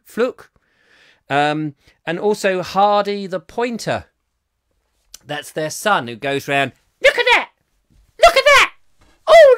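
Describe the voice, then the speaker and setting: A man hosting a comic live chat show, rambling jokily and reading out viewer comments, swinging between loud bursts and mumbled asides. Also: fairly high pitch, no echo, clean studio sound.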